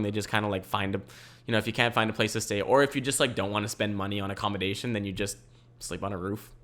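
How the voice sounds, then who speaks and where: Young male podcast host, energetic and rambling, casual chat from home. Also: lowish voice. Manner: rambling and energetic, laughs often.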